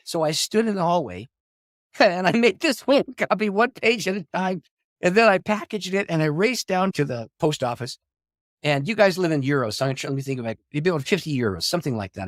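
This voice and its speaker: Lively animated male storyteller. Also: fairly high pitch, dry recording, clean studio sound. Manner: animated storyteller, acts out quoted dialogue, laughs often. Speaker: pastor and author, podcast guest. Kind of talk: storytelling interview.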